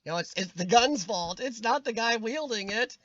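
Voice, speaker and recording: A man's voice: very high voice, animated, moderate pace, bright, forceful tone, no room sound, dull audio. A man hosting a casual live-stream chat, ranting with strong opinions and answering viewers' comments by name, his voice starting to wear out. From United States. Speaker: livestream host reading chat.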